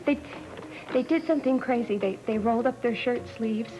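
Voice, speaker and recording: A woman's voice: fairly high pitch, normal speed, lightly acted, rough recording. An actress playing a nervous young woman witness who stammers and dodges questions, in 1980s soap opera acting. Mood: tense. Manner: hesitant, stammering, evasive.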